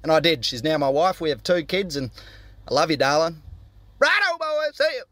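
A man's voice: fairly high pitch, fairly quick, dry recording. An Australian man leaving a recorded voice message, telling a crude, blunt story. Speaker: caller.

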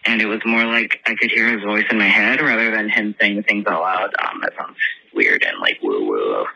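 A man telling a long story in a casual, rambling way, filling almost every pause with filler words, as a recorded message from a listener. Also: fairly low pitch, animated, vocal fry, sharp tone, slightly rough, no echo, low-quality recording.

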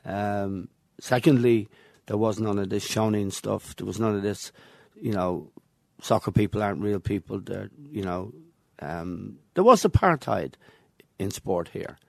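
Older irish man, low gravelly voice, dry close sound, anecdotal interview guest. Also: a little slow, no room sound. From Ireland. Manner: anecdotal, chuckles between stories. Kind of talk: reminiscing interview.

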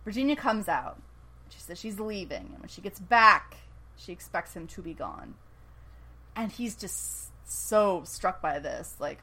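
Woman, podcast co-host, animated storyteller who acts out the lines and laughs easily. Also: mid-range voice, measured pace, slightly rough, poor audio. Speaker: podcast co-host recapping a TV episode. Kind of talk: casual chat.

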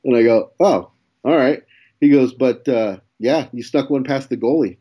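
His voice is husky and dark, mid-range, at a moderate pace. A young comedian guest, he tells a story in relaxed chat, swearing and acting out quoted lines with laughs.

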